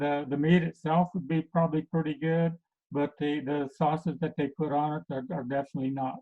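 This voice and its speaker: A man acting as a health coach, giving a casual talk to a group and pausing often with many fillers. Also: a little high. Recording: tinny phone-like recording.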